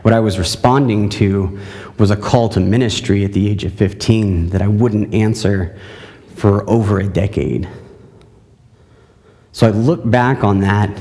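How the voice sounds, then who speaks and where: A man, a pastor, giving a conversational sermon with a scripture reading, often pausing with fillers and restarts. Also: on the low side, mellow, long reverb tail.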